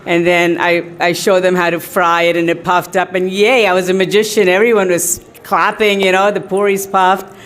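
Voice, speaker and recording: A woman's voice: fairly low pitch, flat delivery, moderate pace, few pauses, a bit bright. Chatty middle-aged woman telling stories. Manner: chatty storytelling, often laughing, many fillers. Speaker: devotee giving a tribute to her teacher. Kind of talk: personal anecdotes in a tribute talk.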